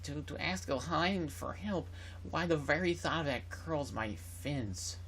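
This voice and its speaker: A fussy old fish advisor from a video game, played by a man, all high-pitched indignation and prim, drawn-out words. He sounds scandalised by the very idea he is protesting. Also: fairly bright tone, a little hiss or hum. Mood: indignant.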